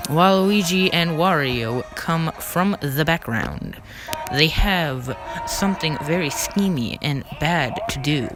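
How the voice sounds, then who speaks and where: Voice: mid-range voice, low-quality recording. A narrator in a casual voice-over game retrospective, recapping in a rambling, offhand way with frequent restarts and stumbles. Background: background music.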